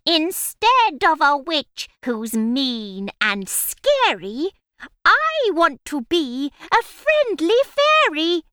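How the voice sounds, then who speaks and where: A woman's voice: extremely high pitch, big pitch swings, takes it slowly, bright, forceful tone, no room sound, studio quality, voice pushed up, full character voice. A woman voicing a grumpy female witch who longs to be a fairy, in a whiny, pleading manner, for a children's storybook reading.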